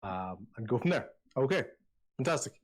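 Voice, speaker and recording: A man narrating a tabletop game as game master, telling the story in a lively way with many restarts. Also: medium pitch, a little slow.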